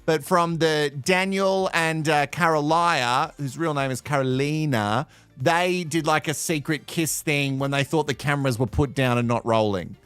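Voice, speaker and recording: A man's voice: on the high side, normal speed, a bit bright, clear, resonant tone, no room sound. An Australian man hosting a live watch-along, sarcastic and swearing with bursts of laughter. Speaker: host reacting to a reality show.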